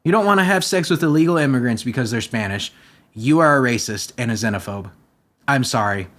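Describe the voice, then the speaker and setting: A man's voice: medium pitch, animated, a little fast, a bit bright. A young man hosting a comedy podcast, reading news stories aloud and breaking into crude, mocking rants. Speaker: podcast host.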